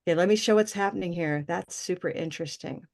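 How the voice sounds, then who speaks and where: A woman's voice: lowish voice, quick pace, creaky. Encouraging woman teaching pronunciation online. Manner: encouraging, asks "okay?" often. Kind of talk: live online class.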